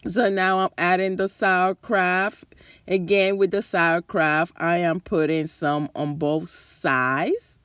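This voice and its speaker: A woman from the New Jersey and New York area hosts a casual cooking demonstration at her home stove, chatting enthusiastically to viewers while losing her voice. Her voice is on the low side, steady and slow, fairly bright and clean, with no room sound.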